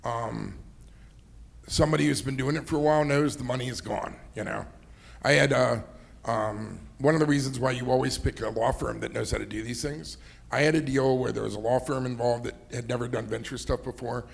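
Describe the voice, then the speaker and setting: A man's voice: mid-range voice, fairly even intonation, a little fast, gravelly. A middle-aged man, an entrepreneur and investor, talking in a fireside chat, rambling through anecdotes with many "you know"s and laughs. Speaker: entrepreneur and investor, interview guest.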